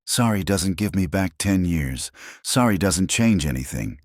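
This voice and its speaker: A man voicing a distraught young mother, pitched way up. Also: lively intonation, measured pace, dry recording, clean studio sound. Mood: bitter. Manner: tearful, raises her voice in anguish. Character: desperate young mother, fierce and heartbroken.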